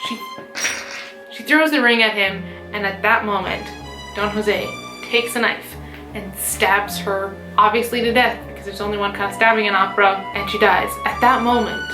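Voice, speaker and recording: A young woman, a mezzo-soprano, giving a casual, chatty plot summary full of fillers and asides. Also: medium pitch. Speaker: mezzo-soprano explaining an opera. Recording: roomy room with background music.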